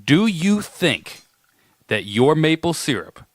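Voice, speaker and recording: A man's voice: on the high side, very animated, slow pace, no echo. Easygoing New England podcast guy. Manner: easygoing storyteller. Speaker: podcast co-host. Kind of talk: casual chat.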